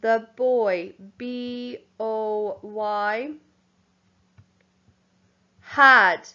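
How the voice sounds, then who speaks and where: A young woman teaching young children, speaking slowly and clearly, spelling words out letter by letter and calling them boys and girls. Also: on the high side, a bit bright, lo-fi sound. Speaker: primary school teacher. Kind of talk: home learning lesson for young children.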